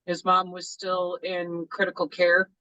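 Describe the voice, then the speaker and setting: Guy cursing a lot, kinda high voice, dry sound, sits back from the mic. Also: completely flat delivery, unhurried, pushed and bright, no echo, recorded from a distance, lo-fi sound. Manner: blunt, heavy swearing. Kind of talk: casual discussion.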